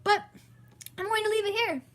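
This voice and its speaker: A woman's voice: very high-pitched, steady tone, moderate pace, fairly bright tone. A young woman chatting casually to viewers during a game livestream, rambling and apologetic, from home. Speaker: streamer.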